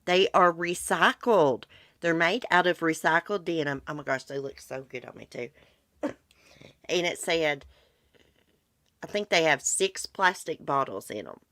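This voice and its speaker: A woman's voice: sits low, expressive, a little slow, pauses often, a bit bright, no room sound. A congested middle-aged woman, hosting a casual livestream chat in a blunt, chatty way. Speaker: livestream host. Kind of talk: casual chat about true crime with live viewers.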